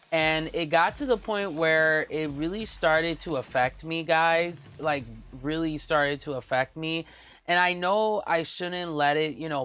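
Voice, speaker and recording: Hoarse from a flu, this VTuber show host has a husky, raspy voice that is rather high with a fairly bright tone. He rambles casually on his live stream, full of filler words and laughing often.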